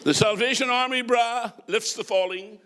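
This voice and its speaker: With an extremely high, pushed and bright voice, a middle-aged Northern Irish comedian and compere performs stand-up. He tells jokes with quick punchlines and throws chatty asides to the crowd.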